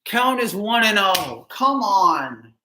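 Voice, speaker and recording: A man's voice: high-pitched, big pitch swings, takes it slowly, bright, forceful tone, roomy sound. A man reacting live to a ballgame as a fan streamer, anxious and pleading, with heavy sighs.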